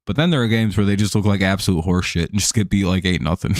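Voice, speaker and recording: A man's voice: sits low, fast, no room sound, clean studio sound. A man hosting a live stream, casually commenting on a baseball game, rambling with many fillers and restarts and frequent chuckles.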